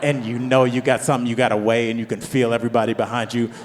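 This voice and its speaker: A man in his forties doing a stand-up set, telling a rambling family story with restarts and climbing into loud, high rants. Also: level tone, fast, slight background noise. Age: 40s. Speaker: stand-up comedian. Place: comedy club stage. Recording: long hall reverb.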